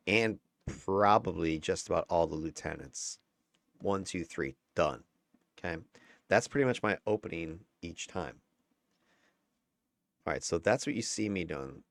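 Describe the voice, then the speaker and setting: A man with a very low, deep voice talks through recorded gameplay in a casual, candid way. He chuckles now and then and swears lightly, and the sound is dry and close, with no room echo. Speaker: gameplay commentator. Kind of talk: casual gameplay breakdown commentary.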